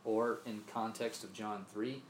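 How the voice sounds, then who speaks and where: A man's voice: fairly low pitch, fairly even intonation, unhurried, slight background noise. A man from Mississippi preaching a sermon, earnest, often repeating himself and asking "right?". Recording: roomy echo, faint ambience.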